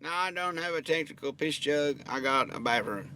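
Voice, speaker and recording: A man voicing a folksy, gruff and prudish redneck truck-shop owner, who gives blunt deadpan answers with lots of country slang in a lowered, drawling voice. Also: normal speed, a little hiss or hum. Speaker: online video creator answering viewer questions. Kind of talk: comedy character bit.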